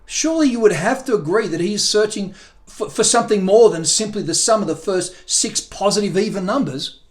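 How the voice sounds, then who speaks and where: A man's voice: high voice, lively intonation, a little fast. A man voicing an opinionated male squirrel who talks in a fussy, emphatic, proper way, in a storybook reading.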